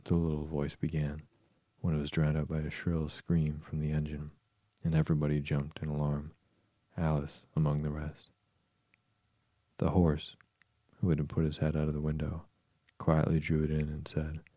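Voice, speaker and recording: A man reading a storybook aloud slowly and softly to lull listeners to sleep. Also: very deep voice, no echo. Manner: slow, soft, soothing reading. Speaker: podcast host, bedtime reader.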